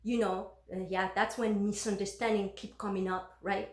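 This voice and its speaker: A woman's voice: mid-range voice, moderate pace, hardly any pauses. Woman retelling a story in an echoey room. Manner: emotional, animated retelling with many fillers and restarts. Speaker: vlogger telling a personal story. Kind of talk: casual personal storytelling.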